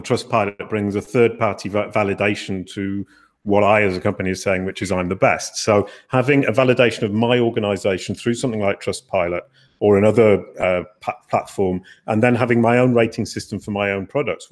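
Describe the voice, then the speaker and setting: A low-voiced man hosts an online webinar, chatting loosely and poking fun at himself. He trips over his words and restarts sentences as he goes. The sound comes from a video call. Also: steady tone, fairly quick. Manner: chatty, self-deprecating, restarts often. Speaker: webinar host. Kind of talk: casual webinar moderating.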